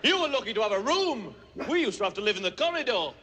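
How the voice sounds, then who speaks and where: A man's voice: sits high, big pitch swings, quick pace, pushed and bright, slight background noise, exaggerated voice. An actor playing an older Yorkshire man who competes to have had the hardest childhood, in a Yorkshire accent. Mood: competitive.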